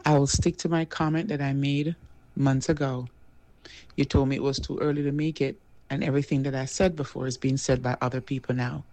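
Gravelly man, firm and insistent. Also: mid-range voice, flat delivery, a little fast, warm tone, no echo, poor audio. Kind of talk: casual studio talk.

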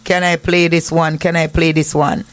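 A man's voice: a little high, little pitch movement, normal speed, loud music behind the voice. A man with a Jamaican accent hosting an online church broadcast, greeting viewers by name and repeating "yes, yes" as he talks. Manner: repetitive, affirming yes yes, church talk. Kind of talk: casual greetings and shout-outs.

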